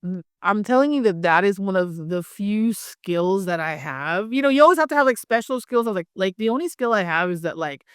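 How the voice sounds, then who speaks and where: Friendly woman from Hawaii chatting casually in an interview; smooth tone, dry close mic. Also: medium pitch, animated, a little fast, hardly any pauses, dry recording. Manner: friendly, chatty, many fillers like "like" and "um". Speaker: actress interviewee.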